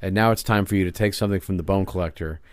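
A man co-hosting a podcast, chatting casually about movies with wry, profane, deadpan jokes. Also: deep voice, very fast, smooth, no room sound. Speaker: podcast co-host.

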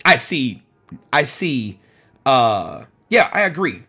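Husky man hosting a live stream. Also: medium pitch, sing-song, slow pace, pushed and bright, soft background music. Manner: conversational, repeats phrases for emphasis, addresses commenters by name. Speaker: host of a policing talk show. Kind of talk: live-stream commentary reading viewer comments.

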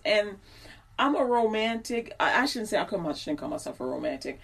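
Woman host, 40s, chatty, digressive storyteller, mid-pitched voice. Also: sing-song, a little fast, vocal fry, breathy edge. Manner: chatty, digressive, acts out quoted people. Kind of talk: casual storytelling monologue.

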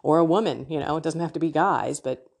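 A woman's voice: low-pitched, fast, creaky, a little mellow, breathy edge. A middle-aged woman hosting a faith podcast, teaching her listeners in a candid, emotional way and laughing often.

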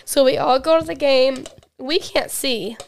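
A young woman with a high voice jumps in to fill in a story with friends. She talks lively and casually, with a faint hiss behind her. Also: measured pace, gravelly. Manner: lively, chimes in and finishes the story. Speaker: guest telling a story.

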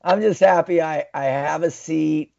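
A man's voice: a little high, a little slow, creaky, darkish tone, dry recording, dull audio. A man chatting casually as a podcast guest, rambling with frequent restarts. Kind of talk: casual chat.

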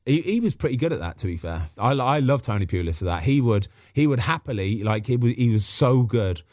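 A man's voice: mid-range voice, expressive, fairly quick, a little mellow, no room sound, clean studio sound. A man in casual podcast chat, telling stories about football and acting out what people said. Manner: chatty storyteller, acts out quotes. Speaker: former footballer guest.

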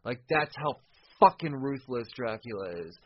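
Man, podcast host, casual comic recap, excitable, cursing, muffled lo-fi sound. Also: medium pitch, normal speed, husky. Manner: excitable, profane, frequent restarts.

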